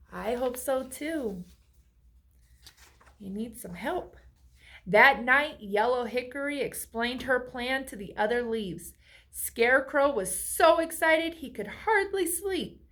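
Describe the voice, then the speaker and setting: A woman's voice: sits high, fairly bright tone. A woman reading a children's picture book aloud, asking the listener friendly questions along the way. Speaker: storybook reader.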